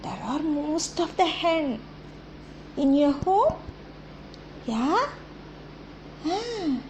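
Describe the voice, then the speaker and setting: A woman teaching young children in a slow, coaxing, sing-song way, asking questions and copying animal sounds. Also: sits high, sing-song, darkish tone, slight background noise. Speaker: kindergarten teacher.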